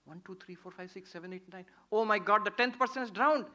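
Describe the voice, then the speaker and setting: Guy doing a flustered young dude counting his buddies, highish voice. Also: very animated, fast talker, lo-fi sound. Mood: dismayed. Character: distraught young man counting his friends.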